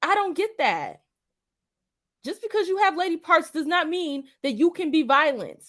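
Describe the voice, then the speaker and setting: Woman host, high voice, slangy, profane, emphatic opinion commentary. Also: very animated, moderate pace, fairly bright tone. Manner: blunt, profane and emphatic, repeating her points; slang-heavy street talk.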